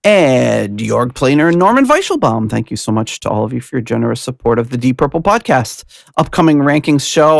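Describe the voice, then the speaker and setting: A man's voice: mid-range voice, vocal fry, dry recording, clean studio sound. A man hosting a podcast, chatting casually and rambling with laughs and restarts. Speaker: podcast host.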